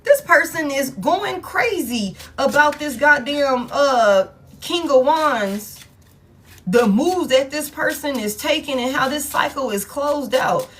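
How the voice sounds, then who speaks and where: Woman tarot reader at home, higher voice, profane and emphatic delivery. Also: lively intonation, slow, slight background noise. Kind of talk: collective tarot reading.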